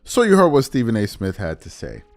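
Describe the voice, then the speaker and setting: Rambling low-voiced podcast host man. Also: huge pitch swings, brisk, gravelly, no echo. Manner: rambling, hesitant, with many fillers and repeats. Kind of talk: casual opinion talk.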